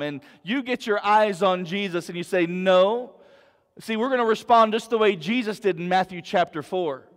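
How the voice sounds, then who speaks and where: A man's voice: high-pitched, long reverb tail. A man preaching a sermon as pastor, earnest and storytelling, repeating words as he builds his point.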